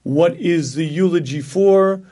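Throat-clearing man giving a sermon. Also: fairly high pitch, measured pace, dark tone. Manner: frequent throat clearing, emphatic repetition. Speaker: rabbi giving a talk.

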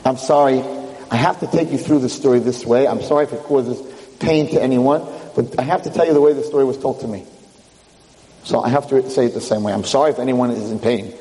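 A man's voice: medium pitch, a little fast, mellow, roomy sound, big-room sound, low-quality recording. A man giving a religious lecture, telling a story vividly and dramatically to a room of listeners.

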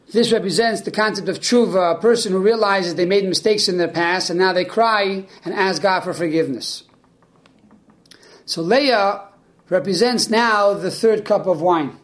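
A high-pitched man gives a spoken Torah lesson, teaching in an earnest, explanatory way. He tells stories with energy, acting out the people in them by slipping into their voices.

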